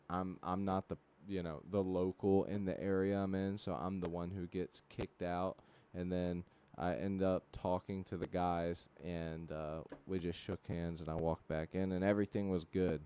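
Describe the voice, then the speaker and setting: A young man hosting a livestream, telling rambling, profane stories full of fillers and reacting to chat with loud disbelief. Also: deep voice, level tone, a little slow, slight background noise. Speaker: livestream host. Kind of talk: casual chat.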